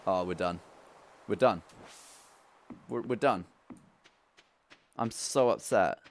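A young man streaming a farming game, who swings from loud outbursts to low muttering. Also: slow pace, vocal fry, a little hiss or hum. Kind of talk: live gameplay commentary.

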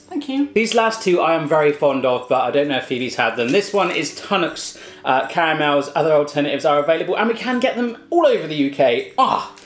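A man's voice: a little high, echoey room. A man hosting a food taste test in a home kitchen, chatting casually with playful jokes. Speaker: host.

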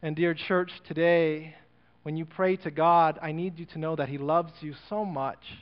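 A man's voice: a little high, fairly even intonation, measured pace, clear, resonant tone. A male pastor telling a sermon story in a church, acting out the dialogue and building to an earnest appeal. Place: church sanctuary. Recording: muffled church recording with long reverb.

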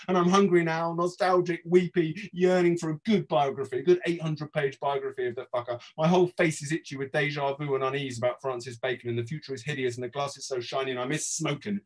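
English male author, slightly raised pitch, dramatic spoken-word reading, lurches between bursts and murmurs. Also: fairly even intonation, a little fast, hardly any pauses. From England. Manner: theatrical, swinging between loud outbursts and quiet murmurs. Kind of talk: dramatic reading of his own prose.

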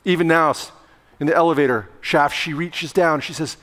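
A male pastor delivering a sermon with lively storytelling, now and then shouting out acted lines. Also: on the high side, moderate pace. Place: church sanctuary. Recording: long reverb of a church sanctuary.

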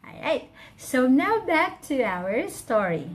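Slow, animated woman reading to children. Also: high voice, music in the background. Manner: animated, coaxing questions to young listeners. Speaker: teacher and storyteller.

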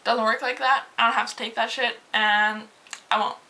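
Bright-voiced young woman ranting. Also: on the high side, fairly even intonation, normal speed. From Canada. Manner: exasperated, swears freely, fired up. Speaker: vlogger, gas station attendant. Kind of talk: ranting casual vlog storytelling.

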